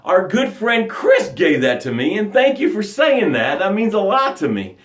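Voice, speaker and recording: Male motivational coach, high voice, passionate rhythmic delivery, roomy echo. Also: big pitch swings, moderate pace. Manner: impassioned, rhythmic, repeats key phrases; drops to a soft hushed voice when guiding breaths. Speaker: success coach. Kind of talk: motivational livestream talk. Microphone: webcam broadcast mic.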